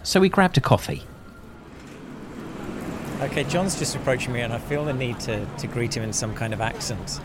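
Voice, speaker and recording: A man's voice: mid-range voice, moderate pace, pauses often, heavy background noise. Male podcast host asking curious questions. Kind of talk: podcast narration and interviewing.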